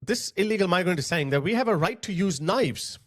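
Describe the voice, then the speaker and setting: Man, casual commentary, lively up-and-down delivery, mocking tone. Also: high voice, fairly quick. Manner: blunt, sarcastic, mocking. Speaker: political commentator. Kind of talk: casual commentary on video clips.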